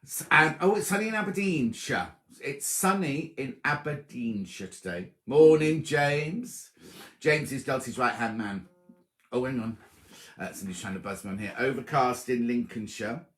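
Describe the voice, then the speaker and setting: A man's voice: medium pitch, animated, moderate pace, fairly bright tone. Man, casual livestream host, teasing, chatty, echoey room. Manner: chatty, teasing, greets viewers by name. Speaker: sewing show host. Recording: roomy echo.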